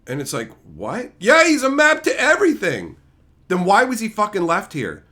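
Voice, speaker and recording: A man's voice: high voice, huge pitch swings, normal speed, bright, forceful tone. A young man streamer ranting in a sarcastic, profane, mocking way. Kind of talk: ranting commentary.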